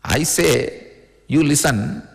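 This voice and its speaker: A spiritual teacher from India with an Indian accent, giving an informal, playful, teasing discourse in plain words. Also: male voice, fairly high pitch, slow pace, creaky. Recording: long reverb of a large hall.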